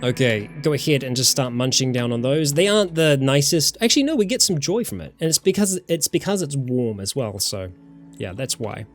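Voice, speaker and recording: A man's voice: mid-range voice, animated, brisk, faint music behind. New Zealand man chatting through a game. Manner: chatty, thinks aloud, greets chat viewers. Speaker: let's-play host. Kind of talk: casual game commentary. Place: warm room at home.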